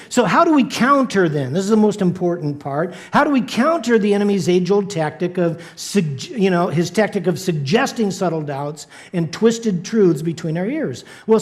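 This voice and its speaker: A man preaching to his congregation in a relaxed, conversational way. He talks slowly and deliberately, repeating key phrases and checking in with the room. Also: high-pitched. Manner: conversational, repeats catchphrases, asks the congregation "right?". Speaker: pastor. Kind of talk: sermon.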